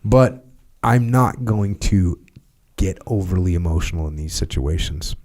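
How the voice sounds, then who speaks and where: A former Navy SEAL leader from the United States talks through leadership in a steady, matter-of-fact podcast conversation, dropping in casual fillers. His voice sits low and his pace is unhurried.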